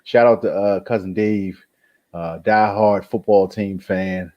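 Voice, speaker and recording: A man's voice: sits low, measured pace, highs cut off. A man co-hosting a podcast in casual sports chat, laid-back and saying "man" often. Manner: laid-back, says "man" a lot, lively intonation. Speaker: podcast co-host.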